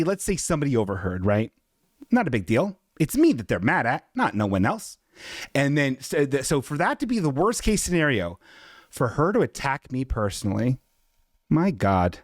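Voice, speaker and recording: A man's voice: mid-range voice, no echo, clean studio sound. A man hosting a podcast, telling a comedic story with sarcastic, self-mocking humor. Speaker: podcast host.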